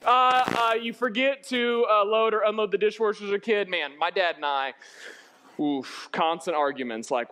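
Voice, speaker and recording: A young pastor with a notably high, light voice delivers a sermon from the church. He talks loosely and jokes with the congregation, then slows into earnest, serious points. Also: steady tone, pushed and bright, smooth. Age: young adult. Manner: casual, joking preaching that turns earnest. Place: church sanctuary.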